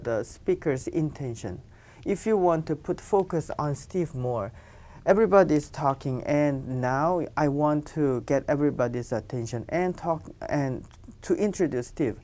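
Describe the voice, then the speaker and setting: A woman's voice: low voice, expressive, unhurried, warm tone. A woman teaching a grammar lesson, explaining patiently and often saying "you know". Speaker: Korean language teacher.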